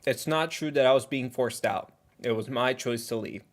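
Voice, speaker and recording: A man hosts a casual livestream and comments on clips in a loose, rambling way. He sometimes talks while chewing. His voice sits at an ordinary, middle pitch. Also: normal speed, hardly any pauses. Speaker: livestream reaction host.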